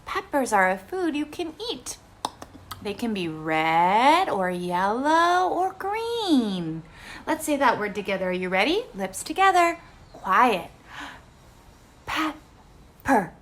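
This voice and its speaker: Slow, sing-song woman teaching toddlers. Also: a little high, very animated, a bit bright. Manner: exaggerated, sing-song, encouraging child-directed talk with frequent gasps; slow, careful modeling of words. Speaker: speech therapist. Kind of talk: speech practice lesson for young children.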